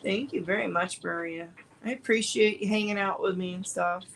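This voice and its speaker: A woman's voice: mid-range voice, normal speed, a bit bright, slight background noise, poor audio. A woman chatting casually on a home crafting livestream, rambling with fillers and restarts. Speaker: crafting vlogger.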